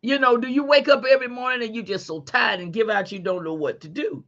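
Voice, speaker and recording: Animated folksy woman, slightly muffled. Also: a little high, quick pace. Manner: folksy and animated, calls listeners honey. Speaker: podcast host. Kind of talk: faith-based motivational talk.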